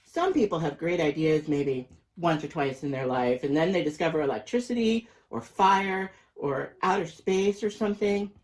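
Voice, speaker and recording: A man reading a children's picture book aloud in a lively, expressive storytelling voice. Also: fairly high pitch, normal speed, few pauses, poor audio. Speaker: storybook reader.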